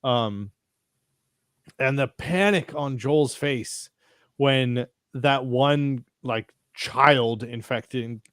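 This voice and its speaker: A man co-hosting a casual podcast, recapping a TV episode in an excitable, profane way and acting out the characters' reactions. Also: medium pitch, very slow, dry recording, clean studio sound. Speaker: podcast co-host. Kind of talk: casual chat reviewing a TV episode.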